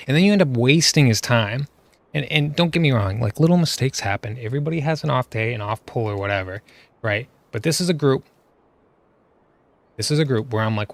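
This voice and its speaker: A man's voice: mid-range voice, fairly quick, dry recording. Exasperated man ranting over gameplay. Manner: exasperated, full of rhetorical questions. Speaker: gaming video creator.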